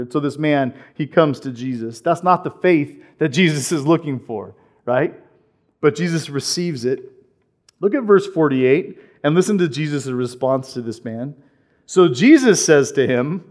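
Animated preacher man. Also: fairly high pitch, moderate pace. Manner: animated preaching, acting out quoted voices. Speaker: pastor. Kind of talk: sermon.

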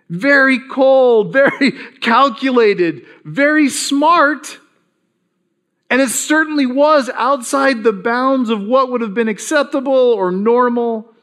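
A man delivers a sermon in a lively, conversational style. His voice sits high for a man. He reads passages aloud and briefly acts out the speakers in them. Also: slow pace. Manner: conversational preaching, quoting scripture with acted voices. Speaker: pastor.

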